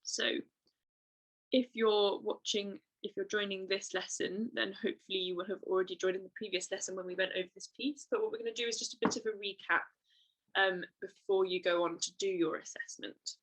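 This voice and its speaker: A young woman leads a trumpet lesson in a patient, encouraging way. She talks slowly and fills her pauses with ums. Her voice sits at a middle pitch. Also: steady tone, fairly bright tone, low-quality recording. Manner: encouraging, patient, explains slowly with many fillers. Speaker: trumpet teacher. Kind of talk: online music lesson.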